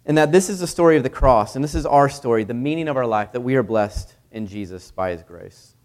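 Brief: male pastor, earnest and emphatic, mid-pitched, loud peaks then hushed prayer. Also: expressive, a little fast. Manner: earnest, emphatic, swinging between loud and quiet. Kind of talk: sermon.

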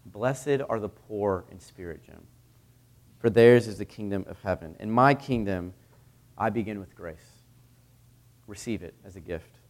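A preacher doing a soft, gracious Jesus. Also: male voice, fairly low pitch, unhurried, long pauses, pitched below the performer's own voice. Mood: gentle. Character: Jesus, gentle and gracious man.

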